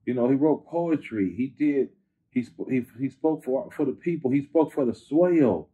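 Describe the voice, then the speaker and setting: A man from Northern California chatting as an interview guest, slangy and animated, repeating phrases for emphasis. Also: mid-range voice, normal speed, slightly rough. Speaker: rapper guest. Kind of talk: casual interview chat. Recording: tinny phone-like line.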